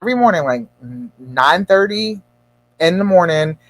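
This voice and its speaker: A woman relationship coach talking casually to viewers on a livestream, telling a story in an animated, encouraging way. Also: fairly low pitch, moderate pace. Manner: chatty storytelling, animated and expressive; encouraging, addresses viewers directly.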